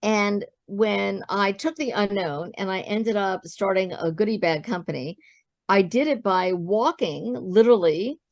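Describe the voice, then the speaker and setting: A woman guest in an interview, telling her own business story as an animated storyteller who acts out the dialogue she quotes. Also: medium pitch, measured pace, dry recording, studio quality.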